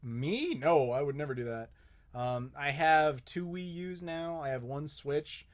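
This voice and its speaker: A man's voice: a little high, a little slow. A young man hosting a live Q&A, chatting casually and bluntly, swearing often and joking with viewers. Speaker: host.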